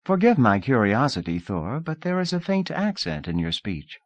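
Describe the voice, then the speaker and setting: A man voicing a poised, polite young woman from a wealthy family, speaking in a bright, gracious, curious way in a dry audiobook reading. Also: medium pitch, big pitch swings, moderate pace, no echo, voice pushed up, close to an everyday voice.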